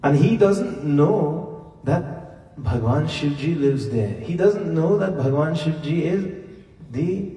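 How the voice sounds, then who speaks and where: A man preaching, retelling a scripture story slowly and deliberately, acting out the characters' lines. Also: fairly high pitch, lively intonation, mellow. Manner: retells scripture with acted dialogue, slow and deliberate. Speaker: Hindu preacher. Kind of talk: devotional storytelling sermon. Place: temple hall during a festival. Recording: echoey hall, voice from far off.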